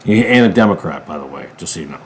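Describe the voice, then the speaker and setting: A man from a ministry channel giving a political commentary monologue, emphatic, jumping from loud bursts to low mutters. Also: animated, quick pace, slight background noise. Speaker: ministry preacher.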